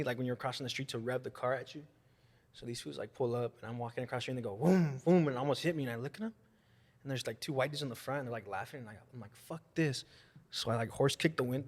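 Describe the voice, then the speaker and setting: Talking fast in a mid-range voice, a young man appears as a guest on a podcast, telling profane stories of parties and fights. He acts out people's quotes with animation, and a long room reverb hangs on the recording.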